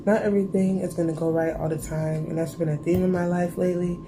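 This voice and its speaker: A woman's voice: on the low side, flat delivery, fast, noisy background. A teenage girl with a stuffy cold, chatting casually to camera in a rambling vlog, full of "like" and "bro". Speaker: lifestyle vlogger.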